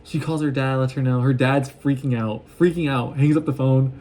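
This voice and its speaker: A man casually recapping a show in an excitable, rambling way, often acting out what the characters say. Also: mid-range voice, moderate pace, slight background noise. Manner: excitable, gushing, acts out quoted lines. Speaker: vlogger recapping an anime.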